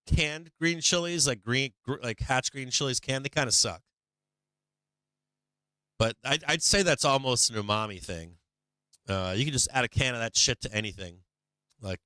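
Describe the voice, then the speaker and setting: Male stream host, low-pitched, forceful and clear, talks loose and swears a lot, dry close sound. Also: no room sound. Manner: rambling and profane, answers chat. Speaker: livestream host. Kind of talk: casual livestream chat.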